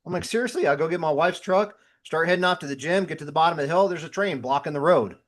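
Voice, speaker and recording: A man's voice: a little high, fast. A man talking as a podcast guest who was a firefighter. He tells everyday stories and acts out his own inner voice in quotes. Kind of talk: casual conversational podcast talk.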